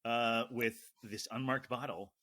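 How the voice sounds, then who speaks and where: A man co-hosting a podcast in casual chat, chatty, with quick stuttering restarts. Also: mid-range voice, fairly even intonation, pushed and bright. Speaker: podcast co-host.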